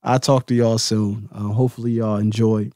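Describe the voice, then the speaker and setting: A man hosting a solo podcast, giving a heated, profane and confrontational rant that now and then drops to a low, calm voice. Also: normal speed, no echo, clean studio sound. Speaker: host.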